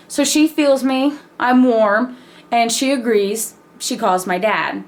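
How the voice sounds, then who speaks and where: A woman telling a personal story in a casual, animated way, laughing and swearing freely. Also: fairly high pitch, slow. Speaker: vlogger.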